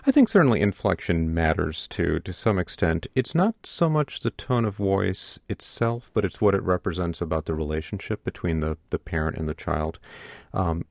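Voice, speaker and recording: A man's voice: low voice, vocal fry, a little mellow, dry recording, clean studio sound. A middle-aged man, a pediatrician, explaining earnestly in an interview and often repeating words as he starts. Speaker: pediatrician guest. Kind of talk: radio interview.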